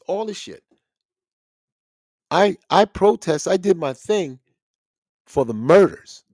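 Male podcast host, loose profane ranter, very lively delivery, dead-dry room. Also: a little high, no room sound. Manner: animated, swearing, ranting. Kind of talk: casual profane commentary.

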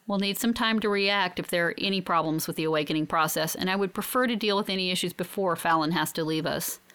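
Calm reassuring medic woman, read by a woman. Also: on the low side, fast, clean tone, lightly acted.

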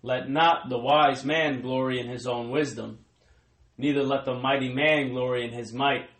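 A man's voice: mid-range voice, steady tone, normal speed, a bit bright, roomy sound, low-quality recording. A man reading Bible verses aloud in a formal, declaiming way. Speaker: scripture reader.

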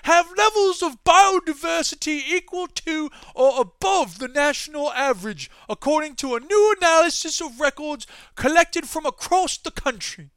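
A man's voice: very high voice, normal speed, hardly any pauses, fairly bright tone, no echo, pitched above the performer's own voice. A man putting on a British accent to play a prim male newsreader, reading in a mock-formal, overdone way. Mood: mock-serious.

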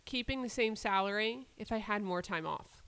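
Woman, twenties, casual podcast chat, blunt and swearing, mid pitch, dry sound. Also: moderate pace, a bit bright, clear, resonant tone, dry recording. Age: 20s. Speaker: podcast co-host. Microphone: headphones with a mic.

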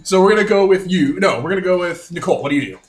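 A man running a tabletop role-playing game, excitable and swearing, often laughing. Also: high voice, very fast. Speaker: game master. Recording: roomy echo.

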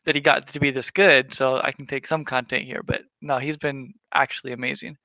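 Bright-voiced man, joking in casual chat. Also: medium pitch, fairly even intonation, a little fast, no echo. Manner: joking, self-mocking. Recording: dry, dull lo-fi audio.

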